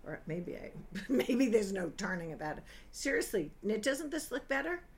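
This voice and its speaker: An older woman giving chatty, gossipy film reviews to camera, animated and prone to exclaiming. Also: moderate pace. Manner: animated, gossipy, swings into high exclaiming bursts.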